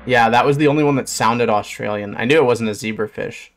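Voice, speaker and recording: A man's voice: medium pitch, brisk, a little hiss or hum. A man, a fish biologist streamer, giving casual reaction commentary, blunt and swearing, bursting into surprised questions.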